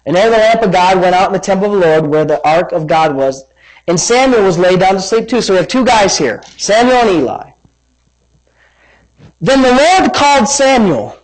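A man preaching a sermon as pastor, reading scripture with lively emphasis and wandering into personal asides. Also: sits high, low-quality recording. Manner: animated, dramatic scripture reading with rising emphasis; rambling asides and self-corrections.

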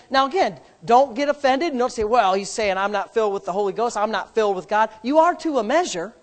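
High-voiced man preaching a sermon. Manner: emphatic preaching, swings from soft asides to loud shouts; jokes with the congregation. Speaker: pastor.

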